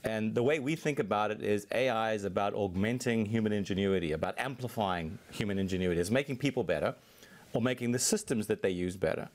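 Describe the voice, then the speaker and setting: A man's voice: lowish voice, fast talker. Fluent male tech executive explaining. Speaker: Microsoft technology executive, guest. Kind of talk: interview answers.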